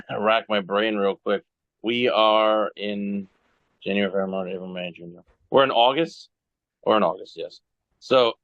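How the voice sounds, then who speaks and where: A man's voice: fairly low pitch, a bit bright, no room sound, muffled recording. A man telling rambling, self-mocking stories in a casual podcast chat over a phone video call. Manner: rambling storyteller who laughs at himself. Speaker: guest wrestler.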